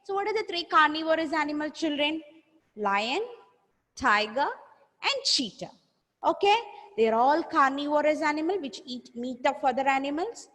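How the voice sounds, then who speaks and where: A woman's voice: sits high, expressive, moderate pace, fairly bright tone. A woman teacher, leading an online class and drawing out words for children to repeat. She praises and scolds pupils by name in a firm way. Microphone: video call. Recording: long reverb on voice.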